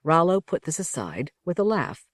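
Woman audiobook narrator, low-pitched, measured, dry close sound. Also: big pitch swings, dry recording.

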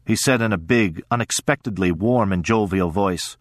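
A man reading a first-person story aloud in a measured, steady way, as an audiobook narrator. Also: sits low, no echo, clean studio sound.

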